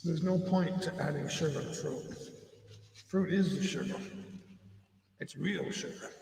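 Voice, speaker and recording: Gravelly middle-aged man rambling while chewing. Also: on the high side, unhurried, a little mellow, a little hiss or hum. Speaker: livestream host. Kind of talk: casual rambling livestream chat. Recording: echoey room, distant mic.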